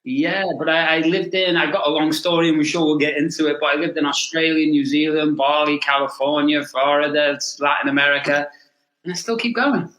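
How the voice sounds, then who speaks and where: A man in his forties from Liverpool, telling his story fast and animated as an interview guest. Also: a little high. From Liverpool, England. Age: 40s. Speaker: guest, mental performance coach. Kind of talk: casual interview chat. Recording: echoey room.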